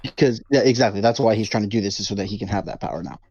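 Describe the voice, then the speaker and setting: Casual podcast co-host, lowish male voice, chatty plot recap, dry lo-fi sound. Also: racing, a little mellow, no room sound. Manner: rambling recap with many fillers and acted-out quotes. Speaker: podcast co-host leading the movie breakdown.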